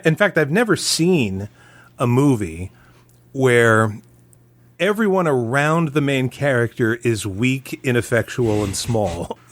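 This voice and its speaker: A man as a podcast guest in a casual review chat, reflective and chuckling often as he talks. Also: mid-range voice.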